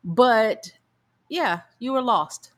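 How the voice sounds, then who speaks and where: A woman's voice: a little high, animated, extremely slow. A middle-aged woman, a mother, animatedly telling a funny family story in casual chat and laughing often.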